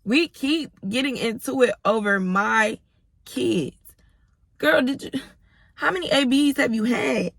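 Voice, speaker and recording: A woman in her thirties telling an animated, profane storytime vlog, speaking straight to her viewers. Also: on the high side, a little slow, vocal fry, no echo. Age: 30s. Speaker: storyteller vlogger. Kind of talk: casual storytime.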